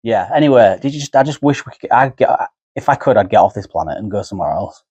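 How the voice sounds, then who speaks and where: A man's voice: on the low side, lively intonation, quick pace, dark tone, slightly rough, highs cut off. A man co-hosting a podcast, chatting casually and adding wry, sardonic asides. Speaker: podcast co-host. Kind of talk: casual chat.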